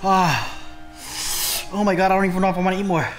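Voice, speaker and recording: A man's voice: high-pitched, fast, faint music behind. A man vlogging a spicy food challenge in a casual way, groaning and exclaiming between bites. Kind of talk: casual mukbang vlog.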